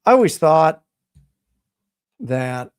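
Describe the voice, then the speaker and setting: A middle-aged man coaching on real estate in a casual motivational talk, animated and emphatic, repeating his key points. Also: on the high side, extremely slow, clear, resonant tone.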